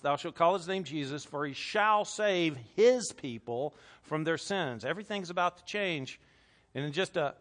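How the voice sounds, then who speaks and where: A man's voice: a little high, fairly bright tone. A man preaching a sermon, reading scripture aloud with emphasis and asking the congregation questions. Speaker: pastor.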